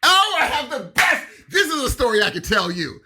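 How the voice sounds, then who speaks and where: A young man co-hosting a podcast in casual chat. He tells stories in a rambling way, full of fillers, and his pitch swings widely as he slips into quoted voices. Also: very animated, a little fast, sharp tone. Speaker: podcast co-host.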